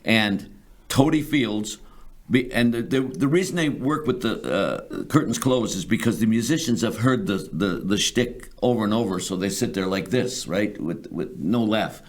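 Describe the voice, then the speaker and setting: An older man, a musician, recalls old shows in a rambling, halting way full of restarts. His voice sits fairly low. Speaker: guest, musician. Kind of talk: reminiscing chat.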